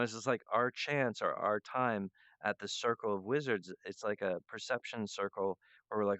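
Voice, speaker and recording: Smooth low man, rambling monologue. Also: moderate pace, fairly bright tone, no echo. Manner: meandering, loose and free-associating. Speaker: show host. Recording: dull lo-fi dry recording.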